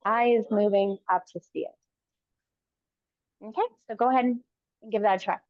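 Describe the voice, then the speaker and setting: Calm woman kettlebell coach. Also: medium pitch, no echo, dull audio. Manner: calm encouraging cues, often pausing between short phrases. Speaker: fitness coach. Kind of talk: live coaching cues during a workout.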